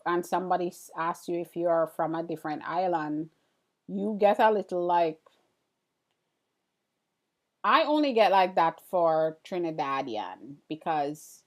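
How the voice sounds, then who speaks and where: Woman, Antiguan accent, live stream host, casual chat with viewers, slow-paced, lowish voice. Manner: chatty, reacts to viewer comments, curious. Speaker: livestream host.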